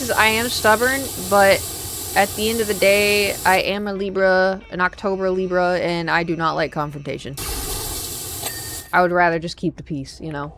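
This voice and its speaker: A woman's voice: mid-range voice, moderate pace, noisy background. A young woman streaming a game, chatting casually and telling stories, acting out quoted lines with energy. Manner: chatty, animated, acts out quotes. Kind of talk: casual storytelling while gaming.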